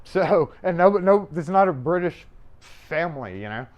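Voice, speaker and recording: Big pitch swings mark the slightly high voice of a man running a casual livestream from his locksmith shop. He talks at normal speed, rambling offhandedly and swearing or chuckling while he works a lock, and his mobile mic cuts off the highs.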